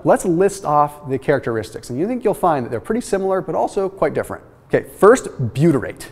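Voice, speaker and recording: A man hosting a nutrition science explainer, talking in an energetic, emphatic way and often checking in with "okay?". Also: on the high side. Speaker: host. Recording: reverberant room with long echo.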